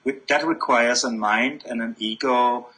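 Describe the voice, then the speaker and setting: A man speaks as an interview guest in a bright, clear-edged voice. He thinks aloud, restarting his phrases often as he reaches for the next idea. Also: mid-range voice, poor audio. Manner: reflective, halting with many restarts. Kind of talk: spiritual conversation.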